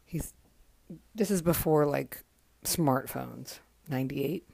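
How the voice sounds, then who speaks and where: A woman in her forties hosting a podcast, talking casually in a soft, halting way, worn out from crying. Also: extremely low pitch, creaky, no room sound. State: exhausted from crying. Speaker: podcast host. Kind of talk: casual spoken tribute monologue.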